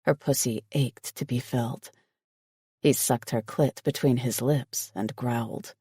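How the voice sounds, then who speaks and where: A male narrator reads a romance audiobook in a slow, steady voice. His pitch sits mid-range. The recording is dry and close with no room sound. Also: husky, dry recording. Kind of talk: scripted narration.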